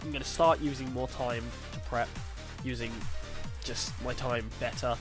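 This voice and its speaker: A man's voice: mid-range voice, fairly even intonation, moderate pace, over music. A young man, frankly and self-critically commenting on a lost game battle. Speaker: game video host.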